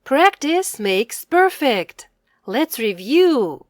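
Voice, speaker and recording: A woman giving an English reading lesson to a child, saying words slowly and clearly and repeating them for the learner. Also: high voice, sing-song, no echo, clean studio sound.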